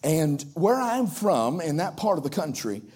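A male preacher from coastal North Carolina with a Southern accent, delivering a sermon that swings from ringing highs to hushed drops. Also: big pitch swings, unhurried, breathy edge. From Outer Banks of North Carolina.

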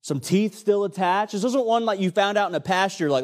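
A man preaching a sermon, retelling a scripture story with animated, dramatic storytelling. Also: sits high, normal speed.

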